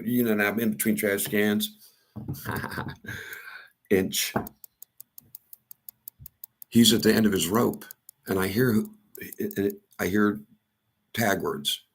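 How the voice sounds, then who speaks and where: A man telling a rambling personal story, halting and repeating himself as he goes. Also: sits low, creaky, slightly rough. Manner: halting, repeats and restarts words.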